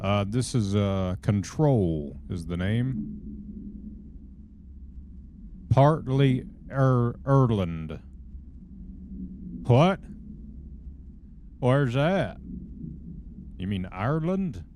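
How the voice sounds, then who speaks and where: A man's voice: on the low side, big pitch swings, extremely slow, pauses often, mellow, slight background noise. A man with a Southern US accent giving folksy, drawling live commentary while streaming a game. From southern United States.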